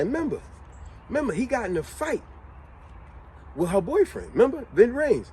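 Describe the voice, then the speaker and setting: A man's voice: extremely high pitch, normal speed, pauses often, a little hiss or hum, rough recording. A man telling a motivational story in a casual, slangy way, full of rhetorical questions to his viewers. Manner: animated, slangy retelling with lots of rhetorical questions. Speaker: motivational vlogger.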